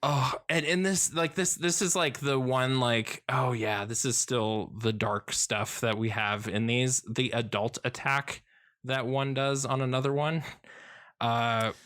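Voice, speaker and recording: A man's voice: medium pitch, steady tone, unhurried, a bit bright. Rambling man chatting on a podcast. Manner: rambling, many fillers and restarts, laughs often. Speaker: podcast co-host. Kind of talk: casual chat about a comic.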